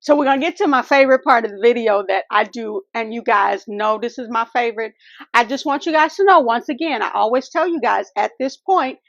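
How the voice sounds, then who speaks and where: Woman vlogger, heartfelt and devout, gravelly voice on a dry, lo-fi recording. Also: on the high side, a little fast, no echo. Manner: earnest, faith-filled, addresses viewers as y'all and honey. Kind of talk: heartfelt casual vlog talk. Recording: dull lo-fi dry sound.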